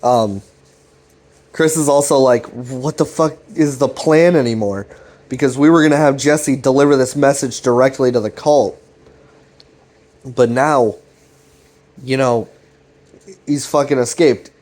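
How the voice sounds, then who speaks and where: A man rambles through a casual recap of a web series, swearing freely as he paraphrases each character's lines. His voice sits at an ordinary middle pitch, and he retells the scenes loosely with restarts. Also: unhurried, long pauses, a little mellow. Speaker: commentary channel host.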